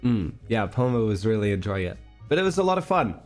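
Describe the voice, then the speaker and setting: A man's voice: fairly low pitch, very animated, fast, a little mellow, faint music behind. A congested young man hosting a livestream, telling a story in casual chat with lots of fillers and frequent laughs. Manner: rambling, laughs often, many fillers. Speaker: livestream host.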